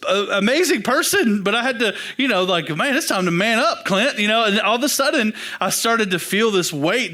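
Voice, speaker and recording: A young pastor tells his own story in a church, animated and quick to poke fun at himself. His voice sits high and sounds bright and lively. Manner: animated, self-deprecating storytelling. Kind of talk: storytelling sermon. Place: church sanctuary.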